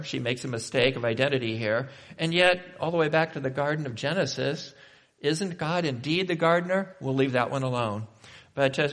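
Man preaching a conversational sermon. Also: medium pitch. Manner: reads scripture then comments with rhetorical questions; conversational and animated, shifting between slow emphatic and quick asides.

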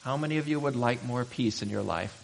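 A man preaching a sermon as pastor, emphatic and building to loud exhortation. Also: medium pitch, fairly quick, vocal fry, a little hiss or hum. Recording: reverberant hall.

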